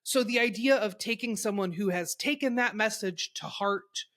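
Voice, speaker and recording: A woman's voice: medium pitch, normal speed, fairly bright tone. Analytical young woman podcast guest. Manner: thoughtful and analytical, building arguments with "right?". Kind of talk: casual conversational discussion.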